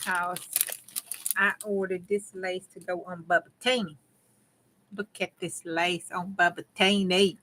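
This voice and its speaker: A woman with a Southern US country accent hosts a crafting channel, chatting to viewers as she works on a project, drawling and chopping off words once she gets going. Her lowish voice is bright and forceful, with flat, measured delivery. The low-quality recording has slight background noise.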